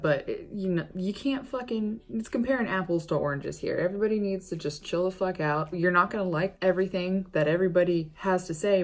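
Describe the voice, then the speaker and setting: Low-voiced woman, rambling and swearing. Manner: defensive ranting. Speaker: beauty vlogger. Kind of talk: chatty makeup vlog.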